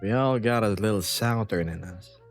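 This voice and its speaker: A man's voice: on the low side, normal speed, soft background music. A man from the United States chatting casually on a livestream, rambling playfully and reading chat messages aloud. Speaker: VRChat streamer.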